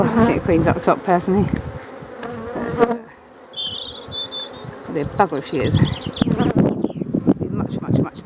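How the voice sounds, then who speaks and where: A woman working a hive outdoors, her everyday mid-pitched voice cutting through loud wind and buzzing bees. She talks her way through the job bluntly and casually, swears a little, and coaxes the insects along as she goes. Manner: chatty, blunt, mildly swearing, coaxing the bees. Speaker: beekeeper. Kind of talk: casual hands-on commentary while working. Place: outdoors at beehives on a windy day.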